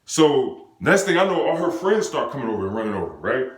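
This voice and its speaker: An excitable young man from the United States tells a wild personal story, his voice leaping up and down as he acts out every scene. He talks loose and slangy with bursts of sound effects, and the room around him rings with a noticeable echo. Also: mid-range voice, fairly quick. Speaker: vlogger telling a personal story. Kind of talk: animated storytime monologue. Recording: roomy echo.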